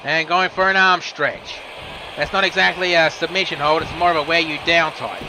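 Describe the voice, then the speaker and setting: A man commentates a wrestling match, calling each move the moment it lands. His voice sits a little high, and he slips in casual remarks between moves. Steady noise runs under the recording. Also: moderate pace. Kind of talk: play-by-play commentary.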